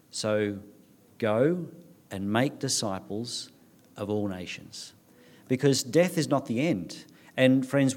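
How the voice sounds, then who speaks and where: A man's voice: mid-range voice, a little mellow. A man delivers a sermon as a pastor, with an ordinary mid-range voice. He speaks earnestly, reads scripture aloud, and sometimes repeats words as he searches for the next phrase. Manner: earnest preaching with restarts, reading scripture aloud.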